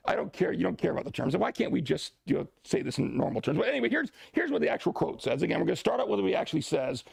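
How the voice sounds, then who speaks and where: A man teaching a church class in a lively, joking way, adding asides to the students. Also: high-pitched, very fast, vocal fry, breathy edge, dry recording. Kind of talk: classroom lecture.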